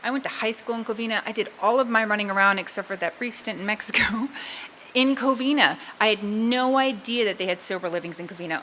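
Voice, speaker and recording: A woman's voice: mid-range voice, steady tone, fairly quick, sharp tone, slight background noise, rough recording. A middle-aged woman from Southern California gives a candid, self-mocking personal testimony as a recovery meeting speaker and laughs often.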